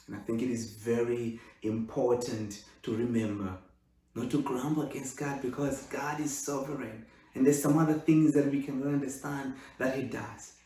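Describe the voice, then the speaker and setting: A man preaching a sermon as pastor, swinging between loud exclamations and hushed, intimate speech. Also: mid-range voice. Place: church sanctuary. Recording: echoey room, far from the mic.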